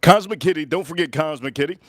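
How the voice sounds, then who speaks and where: An American man chats through a live stream at his backyard grill. His voice sits slightly high and is recorded close and dry, with no room echo. He rambles along, repeating phrases and filling gaps with "uh.". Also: quick pace, a bit bright. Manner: rambling, repeats himself, many fillers. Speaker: livestream host. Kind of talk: casual live stream chat.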